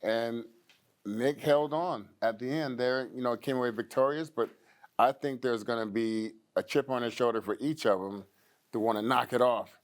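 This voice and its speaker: A man's voice: mid-range voice, normal speed. A man co-hosting a casual talk, rambling with many restarts. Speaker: co-host. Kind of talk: casual bodybuilding chat.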